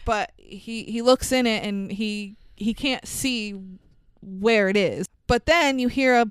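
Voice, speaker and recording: A woman with a fairly high, smooth, clean voice retells a film scene by scene, animated and swearing freely. Her voice sits close to the mic, dry with no room sound at all. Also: slow pace, no echo. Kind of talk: casual movie recap.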